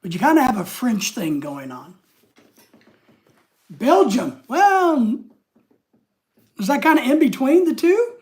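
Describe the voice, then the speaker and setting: A man's voice: very high-pitched, very animated, slow pace, long pauses. An older man hosting a casual livestream, rambling as he reads viewers' comments aloud and greets them by name. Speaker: livestream host.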